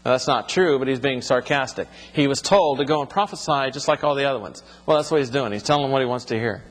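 A man's voice: medium pitch, fast talker, long reverb tail. A man teaching from the Bible, reading passages aloud and then explaining them in plain, conversational words.

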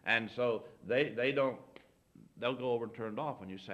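A man's voice: mid-range voice, brisk, highs cut off. A middle-aged man giving folksy, anecdotal advice as a pastor, acting out bits of dialogue as he teaches. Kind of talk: folksy sermon talk.

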